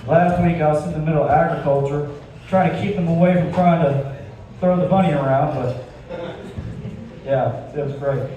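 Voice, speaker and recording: A man's voice: fairly high pitch, moderate pace, pauses often, warm tone. A man from Georgia, doing a self-deprecating stand-up set and telling stories in a conversational way on a club stage. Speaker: stand-up comedian. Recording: echoey club from far off, crowd. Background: audience.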